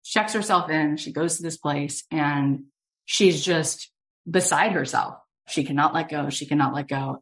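Low-voiced lady host telling a story, animated, lots of likes and rights. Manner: animated, emphatic retelling with many fillers. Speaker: podcast host and coach. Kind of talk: storytelling monologue.

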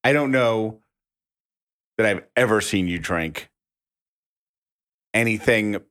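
Wry man co-host, lowish voice. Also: slow, a bit bright, clean tone. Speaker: podcast co-host. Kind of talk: casual chat.

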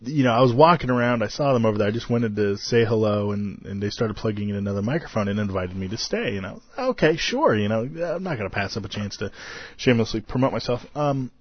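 A man's voice: on the low side, quick pace, breathy edge, no room sound, muffled recording. A tired man hosting a podcast, recapping a convention in a rambling, self-deprecating way and laughing often. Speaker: podcast host.

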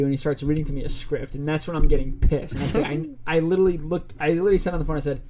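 A young man co-hosting a casual podcast, telling a story in an animated way and acting out both sides of phone calls. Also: fairly high pitch, fast, hardly any pauses, slight background noise. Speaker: podcast co-host.

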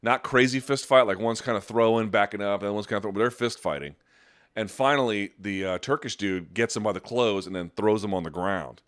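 A man hosting a podcast, telling stories and chatting casually with a rambling, profane, animated delivery. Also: on the low side, brisk. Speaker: podcast host. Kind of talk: casual chat and storytelling.

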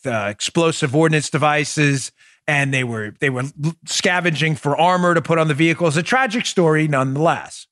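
Guy hosting his own political show, fired up and sarcastic, voice sits a bit high. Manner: animated, sarcastic, breaks into laughter. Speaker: political podcast host. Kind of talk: opinionated solo commentary.

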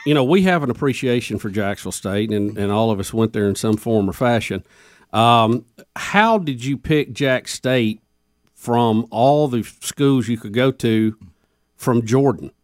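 A man's voice: medium pitch, unhurried, no echo, studio quality. A man from co-hosting a radio show, asking his guest easygoing questions. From Alabama. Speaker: radio host. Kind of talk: casual radio chat.

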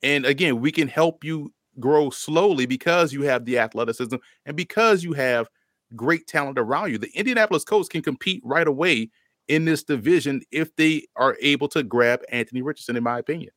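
A man's voice: a little high, brisk, fairly bright tone, no room sound, clean studio sound. A man appearing as a guest draft analyst, confidently laying out his reasoning point by point. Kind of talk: casual podcast analysis.

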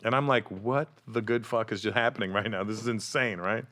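Male guest, lively raconteur who mimics others, bright tone. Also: on the low side, brisk. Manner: animated, acts out quotes in other voices. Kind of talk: casual storytelling chat.

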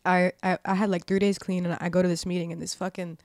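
A woman in her twenties appears as a podcast guest, telling casual stories full of swearing, constant "like," and acted-out quoted dialogue. Her lowish, darkish voice is fast and flat, recorded as clean studio sound with no echo.

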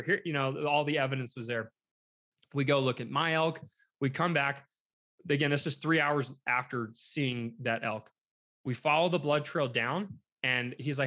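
A man's voice: medium pitch, moderate pace. A man talking through a hunting tale in a loose, rambling way, with lots of fillers and restarts. He slips into quoted voices of the people involved, and he sounds shaken as he tells it. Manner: rambling, animated retelling with quoted dialogue. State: shaken, emotional. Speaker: hunter telling a story. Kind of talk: casual storytelling.

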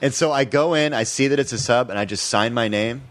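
A man's voice: mid-range voice, a little fast, a bit bright, no echo. A man in his forties telling a long story in casual podcast chat, laughing often and swearing freely.

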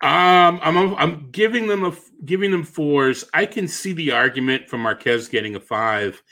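A man with a Boston accent co-hosts a sports podcast as a fantasy baseball analyst, thinking aloud in casual chat, correcting himself and laughing easily. His voice is on the high side, bright and forceful, at a moderate pace.

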